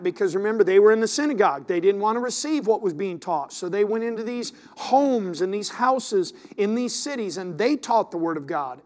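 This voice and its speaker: A male pastor preaching a sermon, reading scripture aloud, repeating words, and asking his congregation questions. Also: sits high. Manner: repeats words and restarts sentences.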